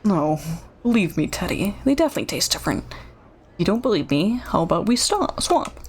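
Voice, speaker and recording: A hungry, scheming meerkat inmate from a cute game, voiced by a woman, talks fast and pushily. His pitch swings about as he pleads. The delivery is wheedling and eager. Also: sing-song, husky.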